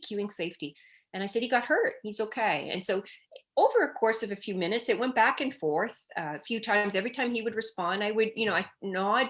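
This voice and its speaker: A middle-aged woman, a child development expert, telling stories in a conversational interview and acting out children's cries as she goes. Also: mid-range voice. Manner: animated storytelling, acting out children's cries in quotes.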